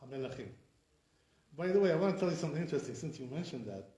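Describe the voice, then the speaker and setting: A rabbi teaching pronunciation in a classroom lesson, his man's voice sitting a bit high. He keeps correcting and repeating words, asking his listeners rhetorical questions. The room sounds echoey around him. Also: expressive, very fast, mellow.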